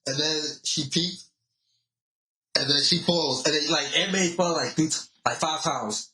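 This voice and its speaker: A man's voice: fairly high pitch, normal speed, sharp tone. A man co-hosting a podcast in a laid-back casual chat, agreeing a lot and using slang. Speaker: podcast co-host. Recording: roomy echo.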